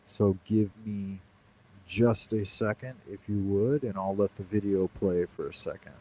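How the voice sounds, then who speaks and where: A man's voice: fairly low pitch, unhurried, dark tone, a little hiss or hum, rough recording. A man hosting a casual livestream from home, rambling playfully and answering chat commenters. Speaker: livestream host. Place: home, Beijing.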